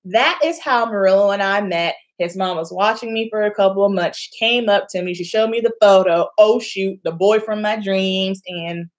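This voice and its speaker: A woman's voice: mid-range voice, moderate pace, hardly any pauses. A young woman telling a personal story to camera in a casual vlog, acting out the voices of the people in it. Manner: animated, acts out quoted voices, laughs often. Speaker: beauty vlogger.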